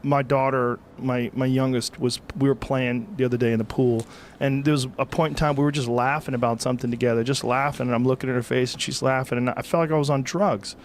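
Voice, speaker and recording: A man's voice: medium pitch, steady tone, quick pace, a little hiss or hum. Middle-aged male podcast host, blunt, emphatic, swears casually in conversation.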